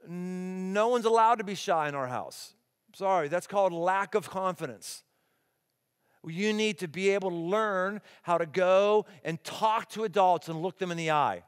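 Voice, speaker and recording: A middle-aged man preaching a sermon as pastor, animated and emphatic, acting out the people he quotes. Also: high-pitched, normal speed, clear, resonant tone. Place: large church auditorium. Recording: long hall reverb.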